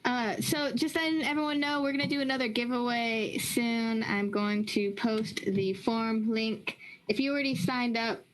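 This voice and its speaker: A woman co-hosting a live stream, upbeat and quick to laugh while announcing giveaways and deals. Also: on the high side, fairly even intonation, poor audio. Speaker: co-host. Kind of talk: casual chat.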